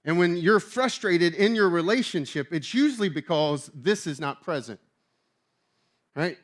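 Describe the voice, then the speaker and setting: High-voiced emphatic male pastor preaching. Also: measured pace. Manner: animated, emphatic, conversational. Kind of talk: sermon.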